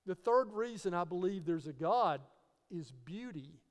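Heard through a long reverb, a man with a high, expressive, unhurried voice delivers an apologetics teaching talk. This Christian teacher poses rhetorical questions and spells important words letter by letter.

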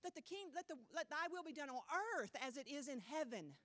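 High-voiced lady preacher, blunt, acts out people's excuses, dry sound. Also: fairly quick, no echo. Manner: animated, blunt, mimics people mockingly. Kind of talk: sermon.

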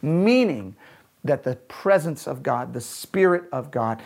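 A man preaching a sermon as a pastor, earnest, often slowing down and dropping to a soft, quiet voice on key lines. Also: medium pitch, animated, vocal fry.

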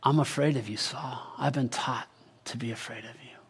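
A man telling a Bible story in the first person as a character, often dropping to a hushed whisper. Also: medium pitch, fairly even intonation, moderate pace, husky.

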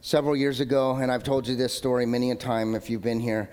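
A male pastor in his thirties preaching a sermon in a conversational, joking way, swinging between loud emphatic lines and low asides. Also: level tone, quick pace, clean tone. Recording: long hall reverb.

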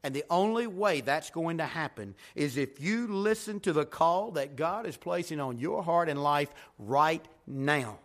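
A man's voice: on the high side, animated, measured pace, few pauses, a bit bright. A man preaching a revival sermon as pastor in a church sanctuary, emphatic, swelling and dropping in intensity.

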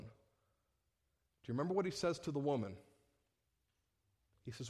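A pastor preaching a sermon, full of rhetorical questions and swinging between loud bursts and hushed tones. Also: male voice, medium pitch, animated, normal speed, pauses often, breathy edge.

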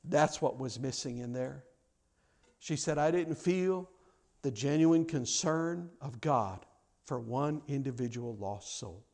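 A man preaching a sermon, telling a story and acting out its people, with repeated stammers, rising loud on key lines and dropping low. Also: takes it slowly, gravelly. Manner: impassioned, swells loud on key lines then drops low.

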